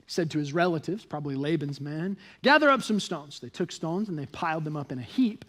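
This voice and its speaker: A young male pastor preaches from a church stage, his voice sitting high for a man. He tells the story with lively energy and acts out the people in it. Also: fast. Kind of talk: sermon.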